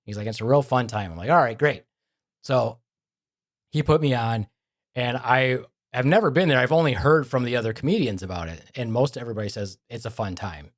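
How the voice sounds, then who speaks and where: Speaking fairly quickly in a mid-range voice, a man hosts a casual podcast conversation. He's a lively storyteller who performs the voices of the people in his tales.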